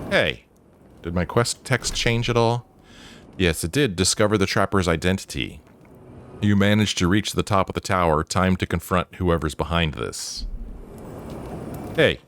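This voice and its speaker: A man's voice: low-pitched, expressive, a little slow, long pauses, fairly bright tone, slight background noise. A man giving casual, joking commentary while playing a game and reading its dialogue aloud. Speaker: let's play host.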